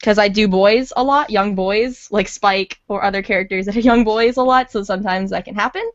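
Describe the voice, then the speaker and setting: A woman voice actor chatting on a podcast, excitable and rambling, repeating words for emphasis. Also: medium pitch, a little fast, no room sound, muffled recording. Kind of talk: casual podcast chat.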